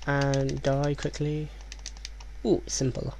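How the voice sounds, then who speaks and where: Hushed gravelly-voiced man playing a game. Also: completely flat delivery, slow pace, a little hiss or hum. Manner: hushed, keeps voice low; rambling, reads game text aloud. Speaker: let's play commentator. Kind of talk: let's play commentary.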